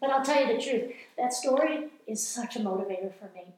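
A woman's voice: on the high side, expressive, brisk, darkish tone. Female speaker, middle-aged, earnest exhorting sermon delivery, reverberant room sound. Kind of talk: evangelical teaching talk. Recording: very echoey room.

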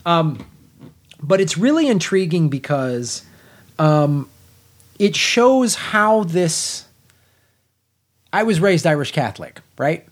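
A man's voice: a little high, takes it slowly, long pauses. Blunt, fired-up middle-aged man. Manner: blunt and animated, swears freely, frequent restarts. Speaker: podcast co-host, film reviewer. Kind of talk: casual film review chat.

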